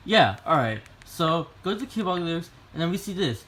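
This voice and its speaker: A young man vlogging alone at home, crude and swearing, going from mumbling to loud outbursts. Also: on the high side, big pitch swings, moderate pace. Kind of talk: casual solo vlog. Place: home room.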